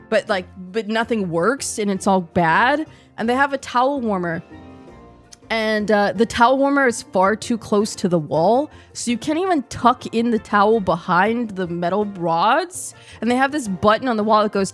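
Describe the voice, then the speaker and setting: A woman streamer chats casually in slang. Her talk is animated and jumps from topic to topic. Faint music plays underneath. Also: mid-range voice, normal speed. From New Zealand. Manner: chatty, slangy, animated, jumpy. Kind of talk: casual chat.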